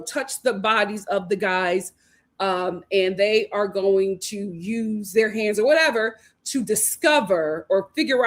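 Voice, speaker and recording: A woman in her thirties, originally from Philadelphia, hosting a casual reality-show recap and talking straight to her viewers with plenty of laughter. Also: mid-range voice.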